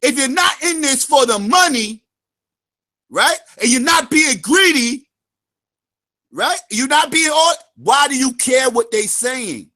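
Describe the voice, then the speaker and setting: A man hosting his own channel, ranting heatedly and profanely in a vlog and often shouting. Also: very high voice, animated, slow. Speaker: channel host.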